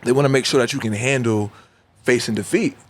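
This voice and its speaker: Animated New man telling stories. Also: medium pitch, fairly quick. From New York. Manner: animated storyteller who acts out dialogue. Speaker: rapper guest. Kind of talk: casual interview storytelling.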